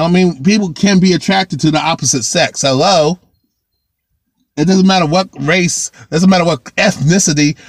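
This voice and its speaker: A man's voice: a little high, no echo, clean studio sound. A man vlogging a heated, ranting monologue to camera, repeating himself and restarting phrases. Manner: heated, repetitive, circles back and restarts.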